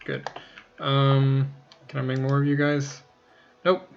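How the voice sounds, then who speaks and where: A man's voice: medium pitch, monotone, takes it slowly, gravelly, muffled recording, a little hiss or hum. A man casually talking through a game tutorial, rambling, joking at his own expense and swearing now and then. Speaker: let's play host.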